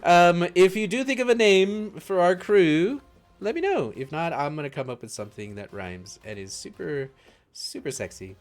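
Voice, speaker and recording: A man's voice: high-pitched, expressive, moderate pace, soft background music. A man voicing a flamboyant, cheerful male crew leader who bids theatrical sing-song farewells.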